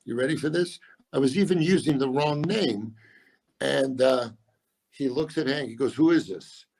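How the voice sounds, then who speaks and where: A man in his sixties, a comedian guest, telling stories in casual chat with a gravelly, husky voice and a deadpan delivery. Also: medium pitch. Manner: deadpan storyteller doing quick voices of others.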